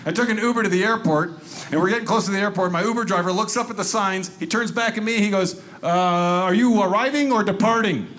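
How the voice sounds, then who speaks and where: A man doing a stand-up comedy routine on stage, telling sarcastic, deadpan stories and acting out the people in them. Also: high voice, quick pace, slight background noise. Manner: deadpan, sarcastic storytelling with acted-out quotes. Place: comedy club stage before a live audience. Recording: stage recording with loud audience laughter.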